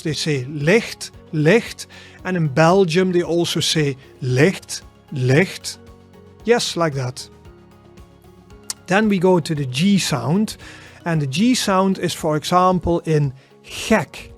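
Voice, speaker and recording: Man, southern Dutch accent, language teacher, casual lesson, high voice, slow pace, faint music behind. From southern Netherlands. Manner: relaxed, repeats words slowly, often adds "right?".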